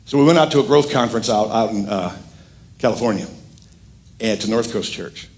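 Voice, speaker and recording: A middle-aged man preaching a sermon as pastor, animated and emphatic with frequent jokes. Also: lowish voice, fairly quick.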